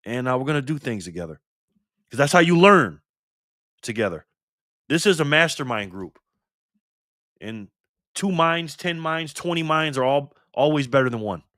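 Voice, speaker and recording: An older man talks fast and fired up on his own live stream, cursing freely and calling viewers "man" and "brother." His voice is bright and forceful, and the sound is dry and close with no room echo. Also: medium pitch, expressive. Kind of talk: casual live stream talk. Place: garage.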